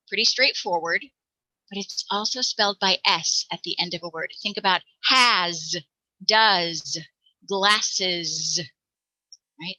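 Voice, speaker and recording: A woman presenting a phonics lesson for parents, encouraging and demonstrating each sound out loud. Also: medium pitch, no echo, poor audio. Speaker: teacher presenting a parent workshop.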